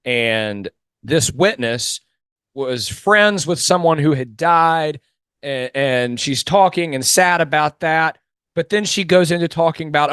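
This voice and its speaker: A man's voice: a little high, lively intonation, normal speed, fairly bright tone, smooth, no echo, studio quality. A man hosting a podcast interview who coaches mock trial and asks thoughtful, long framing questions. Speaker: podcast host.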